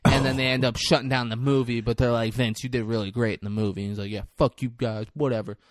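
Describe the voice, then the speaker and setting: A man's voice: mid-range voice, flat delivery, quick pace, no echo. A man casually recapping a movie on a podcast, swearing, laughing and acting out the characters' lines. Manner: profane, laughing, acts out scenes. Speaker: podcast co-host.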